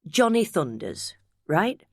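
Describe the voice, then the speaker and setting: A woman's voice: lowish voice, very animated, slow, no room sound, studio quality, full character voice. A woman reading an audiobook, voicing a casual, slightly reluctant middle-aged man. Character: easygoing middle-aged man, distracted host.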